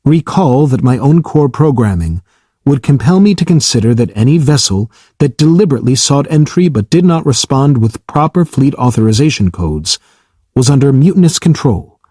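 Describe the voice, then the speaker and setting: A coolly formal battleship AI lays out its reasoning in a measured, precise way, as a man reads it in an audiobook. The voice is a touch husky and mid-pitched. The recording is close and dry. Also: big pitch swings, mellow, dry recording. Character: calm formal self-aware battleship AI. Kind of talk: audiobook character reading.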